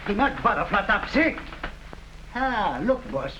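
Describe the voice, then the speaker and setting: An actor playing an eager, dim-witted gangster henchman in an early TV crime drama, in gruff street slang. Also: sits high, very animated, a little slow, pushed and bright, muffled recording, slight background noise, heavily acted. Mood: mocking.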